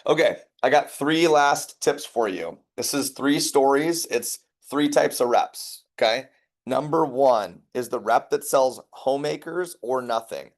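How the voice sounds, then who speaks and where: A man giving a lively sales training talk, telling stories and checking in with the room. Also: medium pitch, measured pace. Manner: energetic, conversational, checks in with listeners.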